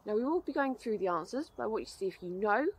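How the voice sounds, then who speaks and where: Lively woman teaching kids outdoors. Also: medium pitch, racing, husky. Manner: lively, upbeat, explaining to children. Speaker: outdoor learning presenter. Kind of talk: children's lesson presenting.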